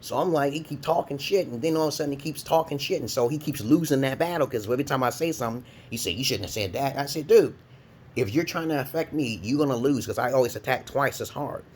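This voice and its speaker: A man from Brooklyn, New York, ranting in a profane, rambling vlog monologue, breaking into loud laughing high shouts. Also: quick pace, slight background noise. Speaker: vlogger.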